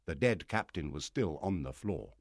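A man narrating a storybook aloud in an expressive reading style. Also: deep voice, normal speed, no room sound, clean studio sound. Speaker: audiobook narrator.

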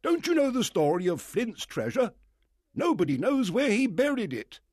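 A man reads from a storybook, performing a full character voice for an eager, emphatic middle-aged country squire. He pitches it high, above his natural voice, with wildly swooping intonation at normal speed. The recording is dry and of studio quality.

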